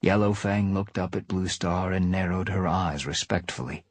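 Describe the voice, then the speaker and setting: A man narrating a novel in a lively storytelling manner during a live reading. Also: low-pitched, moderate pace, few pauses, no room sound. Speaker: reader.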